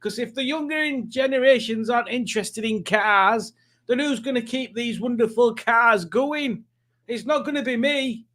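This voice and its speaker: A man's voice: extremely high pitch, moderate pace, fairly bright tone, pitched above the performer's own voice. Man putting on a chatty old car buff. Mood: wistful. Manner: rambling and nostalgic, addressing an old friend. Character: old male car enthusiast, chatty and wistful.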